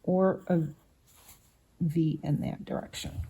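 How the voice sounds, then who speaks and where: Slow, patient woman teaching children to draw. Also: sits low, fairly even intonation, mellow, slightly rough. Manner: patient, explains each step while drawing. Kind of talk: slow drawing lesson for children.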